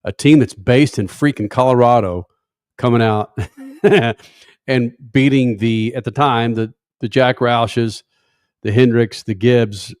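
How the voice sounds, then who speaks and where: Loud-mouthed guy hosting a sports radio show, cusses, dry studio sound. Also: mid-range voice, steady tone, takes it slowly, no echo. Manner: brash, flippant, swears freely. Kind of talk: casual sports talk show.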